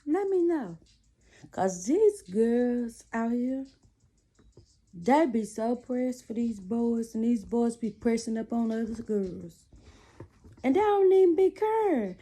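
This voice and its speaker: A woman's voice: fairly high pitch, animated, takes it slowly, warm tone. A woman chatting casually to camera from a small cluttered room at home, giving sassy, preachy relationship advice while she laces shoes. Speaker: vlogger.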